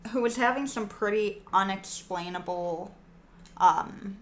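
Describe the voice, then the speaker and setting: A woman's voice: on the low side, slight background noise. A woman co-hosting a podcast in casual chat, talking in a loose way with many fillers. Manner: chatty, uses fillers like um and like. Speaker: podcast co-host.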